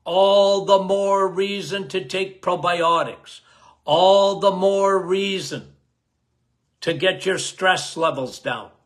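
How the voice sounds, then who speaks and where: A man hosting a health podcast in a casual talk, loud and emphatic, repeating key phrases and calling listeners guys. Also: slow. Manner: loud, emphatic, cannot lower his volume.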